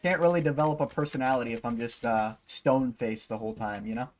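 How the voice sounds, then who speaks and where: A man's voice: mid-range voice, fast talker. A man livestreaming while gaming, chatting casually and rambling, swearing freely and leaning on fillers.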